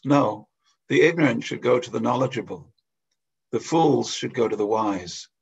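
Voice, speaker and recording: A man giving a scripture class as a storytelling sermon, chuckling often and pausing with hesitations. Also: mid-range voice, lively intonation, gravelly, husky. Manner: anecdotal, with frequent chuckles and hesitations. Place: temple hall. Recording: dull lo-fi lecture recording.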